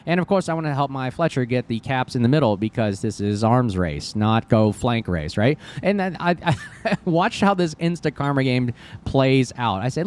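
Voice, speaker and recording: Brief: man, casual game commentator, chatty and excitable, mid-pitched, fillers throughout. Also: moderate pace. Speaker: gameplay commentator.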